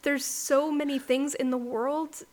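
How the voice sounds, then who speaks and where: High-pitched woman, chatty book club co-host, rambling, casual, says like a lot. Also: steady tone, a little slow, a little mellow. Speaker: podcast co-host.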